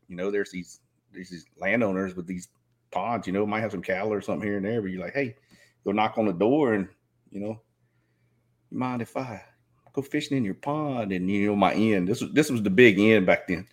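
Low-voiced man in his fifties. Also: a little fast, breathy edge. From Southeast Georgia. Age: 50s. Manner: rambling, many "you know" fillers. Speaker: podcast guest. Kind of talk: casual chat.

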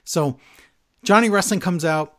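Male co-host, a bit high-pitched, loose conversational recapper. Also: a little slow, a bit bright. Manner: chatty recapper, quotes wrestlers in mock voices. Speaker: podcast co-host recapping wrestling. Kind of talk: casual chat.

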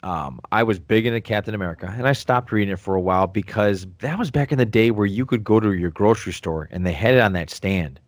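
Laid-back co-host, middle-aged man, lowish voice, dry recording, casual swearing storyteller. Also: fast talker, few pauses, dry recording. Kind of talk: casual chat.

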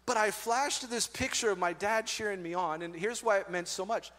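A man in his forties preaching a sermon as pastor, telling stories with animated energy and then softening to earnest, quiet tones. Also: high-pitched, normal speed. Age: 40s. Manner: animated storytelling, drops to soft earnest tones. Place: church auditorium. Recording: long reverb of a large hall.

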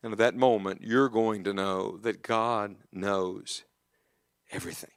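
A middle-aged man preaching a sermon in church, dropping to an earnest hush and rising to emphatic calls, often asking the congregation questions. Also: on the low side, steady tone, unhurried. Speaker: evangelist preacher.

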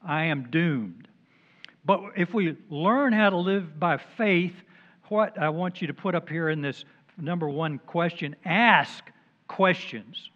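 An older pastor gives a sermon in a slightly high voice and a chatty manner, slipping in jokes at his own expense. The recording sounds dull and lo-fi. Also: measured pace. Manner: conversational, with joking asides.

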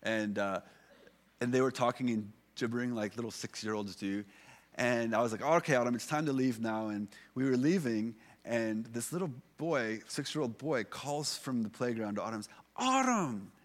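A man's voice: mid-range voice, normal speed. A man in his thirties, a pastor, giving a conversational sermon with many fillers and restarts.

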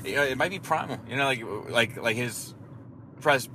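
A man chatting in a moving car, rambling through his thoughts with plenty of profanity and a self-deprecating streak. His voice sits at a middle pitch. Loud road noise runs under everything. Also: normal speed. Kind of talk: casual chat.

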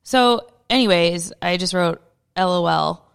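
A woman's voice: fairly low pitch, a little slow, vocal fry, clean tone. A woman co-hosting a podcast, chatting casually and laughing as she recaps a movie, swearing freely. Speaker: podcast co-host.

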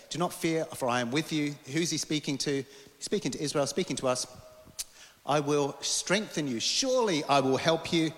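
A male preacher giving an animated sermon to a congregation and getting them to repeat words back. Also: medium pitch, big-room sound. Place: church hall.

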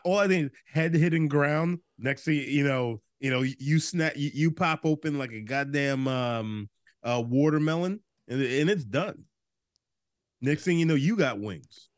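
A man's voice: fairly high pitch, unhurried, no room sound, clean studio sound. A man co-hosting a casual movie-review podcast, telling stories with energy, doing voices and swearing freely. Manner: animated storyteller, does voices, swears freely. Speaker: podcast co-host.

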